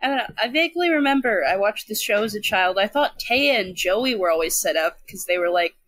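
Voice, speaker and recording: A woman reading a fanfic aloud and riffing on it with friends, laughing often and reacting with loud disbelief. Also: medium pitch, animated, brisk, rough recording. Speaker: fanfic riff reader.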